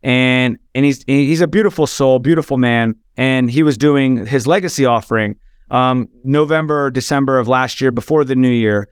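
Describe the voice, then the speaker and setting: A man's voice: mid-range voice, moderate pace, clear, resonant tone, no room sound, clean studio sound. A man telling an emotional personal story as a podcast guest, earnest, with frequent restarts.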